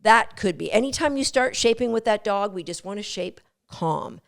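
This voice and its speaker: Brief: female dog-training podcast host, a gravelly edge, lively and coaching. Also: medium pitch, normal speed. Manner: lively, coaching, acts out dog and owner thoughts. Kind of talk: instructional podcast talk.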